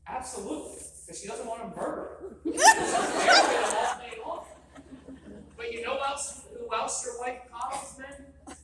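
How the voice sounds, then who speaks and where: A man's voice: very high voice, very animated, normal speed. A man in his fifties giving a live seminar talk, blunt and joking, often quizzing the audience. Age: 50s. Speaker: convention speaker. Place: large echoey hall. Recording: echoey hall from far off, noisy.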